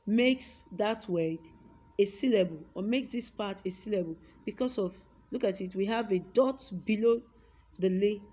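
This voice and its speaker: A woman's voice: mid-range voice, dark tone. Nigerian woman teaching a phonetics lesson. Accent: Nigerian English. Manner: slow, drawn-out words when stressing a point; repeats example words aloud. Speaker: English teacher. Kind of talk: classroom lesson with a whiteboard.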